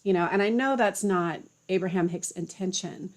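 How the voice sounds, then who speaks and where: A woman's voice: lowish voice, normal speed. A young woman giving a casual, chatty spiritual talk to camera, full of fillers like "you know" and "like". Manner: relaxed and chatty, many fillers. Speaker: spiritual teacher.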